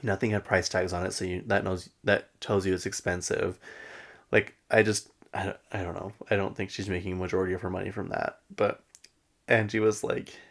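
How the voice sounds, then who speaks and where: Man, podcast host, low gravelly voice, rambling excited recap, filler-heavy casual chat. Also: a little fast. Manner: rambling and excitable, many "like" fillers, laughs often.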